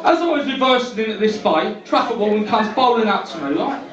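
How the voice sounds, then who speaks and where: A man's voice: high-pitched, expressive, a little fast, a bit bright, distant mic. A man with a London accent doing stand-up as a brash, cheeky cab driver in a pub comedy venue. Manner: brash, cheeky, leaning on tag questions. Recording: dull roomy club recording from afar.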